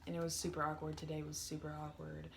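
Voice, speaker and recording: A woman's voice: sits low, monotone, fast talker, vocal fry, a little hiss or hum. A young woman telling a work story to her camera in a chatty, exasperated way, full of fillers. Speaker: vlogger. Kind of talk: casual storytime vlog.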